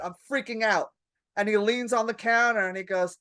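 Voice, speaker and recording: A woman comedian, a podcast guest, telling stories in a lively, profane way and acting out her own panic. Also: medium pitch, a little fast, no room sound, studio quality. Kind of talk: casual podcast storytelling.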